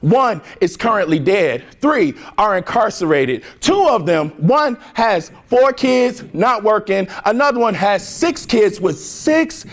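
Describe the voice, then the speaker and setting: A young man from near Chicago giving an energetic keynote speech to students, joking and leading call-and-response chants with slangy, playful talk. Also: high-pitched, slow pace, hardly any pauses. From Harvey, Illinois, near Chicago. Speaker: keynote speaker. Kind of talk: motivational speech to a student crowd. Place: large hall with a student audience.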